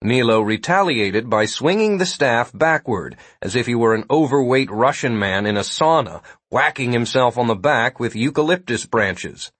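A man's voice: mid-range voice, expressive, normal speed, hardly any pauses, a bit bright, breathy edge, no echo. A man narrating an audiobook in a wry storytelling manner, read on a close, dry mic.

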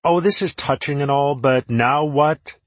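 A man voicing a sardonic, sharp-tongued warrior who speaks in a higher, wry tone. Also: measured pace, no room sound.

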